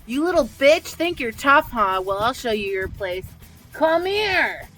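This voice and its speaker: A woman's voice: fairly high pitch, animated, moderate pace, pushed and bright, soft background music. A woman voicing a brutish, cruel male devil gang leader who taunts with snarling, mocking threats.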